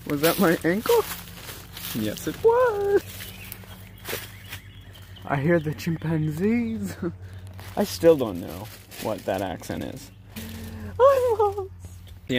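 A giggly vlogger talks slowly and unhurriedly, with a very lively, bouncy pitch. Outdoor nature noise comes through clearly on the camera mic. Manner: giggly, joking, talking to viewers. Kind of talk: rambling solo hiking vlog. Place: outdoors in woods. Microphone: handheld camera mic.

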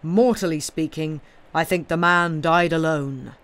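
A man reading aloud, voicing a huge brooding blacksmith who speaks in loud, grave declarations. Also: a little high, fairly even intonation, unhurried, smooth. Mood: grim. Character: huge brooding male blacksmith, grim and devout.

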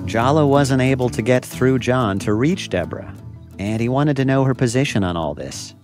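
A man narrates a true-story podcast from a script, keeping a measured, steady delivery. His voice sits at an ordinary pitch for a man. Soft music plays faintly behind him.

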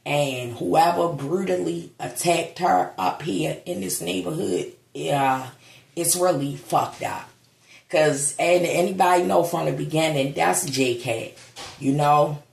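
A woman's voice: deep voice, slow, creaky, darkish tone. A woman vlogging at home, grieving and holding back tears, talking bluntly and swearing now and then. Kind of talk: casual vlog monologue. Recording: echoey room.

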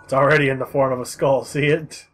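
A man's voice: mid-range voice, flat delivery, fast, a bit bright. A man co-commentating a friend's gameplay casually, joking, laughing and giving advice. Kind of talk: casual let's-play commentary. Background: game music.

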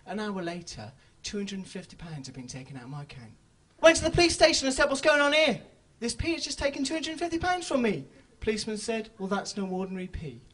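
Lively young stand-up with a fluttery voice. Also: male voice, high voice. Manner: animated storytelling with sudden loud bursts. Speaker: stand-up comedian. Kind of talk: stand-up routine. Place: comedy club stage.

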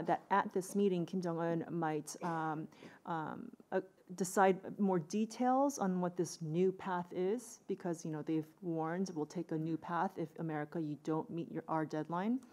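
A woman's voice: fairly low pitch, darkish tone. A woman giving an analytical conference panel talk, thinking aloud with many fillers and restarts.

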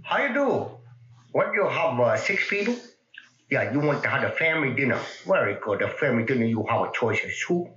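A man voicing an impatient, snappish restaurant waiter in a 1950s comedy sketch, with a broad put-on accent and yelling at customers. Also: mid-range voice, very animated, brisk, roomy sound, dull audio. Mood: exasperated. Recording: scratchy old record through camera mic.

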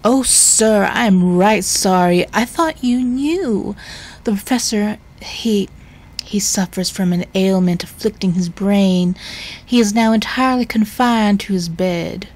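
A woman voicing a fussy, kindly elderly housekeeper in a slow Southern belle drawl, reading game dialogue aloud. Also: mid-range voice, a little mellow, natural voice. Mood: fussing.

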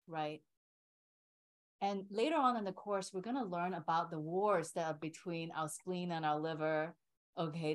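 Slow-paced woman teaching qigong. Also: medium pitch, rough recording. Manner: explains slowly, often checks in with "right?" and "okay". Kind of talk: teaching an online class.

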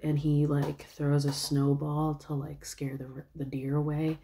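A woman's voice: deep voice, monotone, measured pace, hardly any pauses, warm tone, a little hiss or hum. A woman vlogger chatting casually, recapping at length with lots of "like" and "um". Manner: rambling recap full of fillers and likes. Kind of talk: casual chat.

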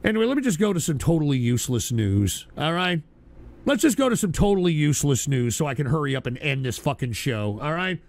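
Exasperated high-voiced swearing male host. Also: very animated, fairly quick, a little mellow. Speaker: livestream radio show host. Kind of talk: profane live stream rant.

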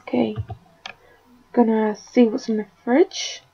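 A woman's voice: on the high side, steady tone, slow, vocal fry, warm tone, breathy edge, muffled recording. A woman giving casual commentary while she plays a life-simulation game, scolding and coaxing her characters like a fussing parent. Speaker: gaming video creator.

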